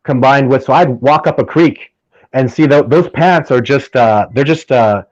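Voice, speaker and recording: A man guesting on a casual interview, telling stories in an animated, emphatic way and often restarting his sentences. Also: medium pitch, normal speed, dry recording. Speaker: podcast guest, field researcher. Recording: dull lo-fi dry sound.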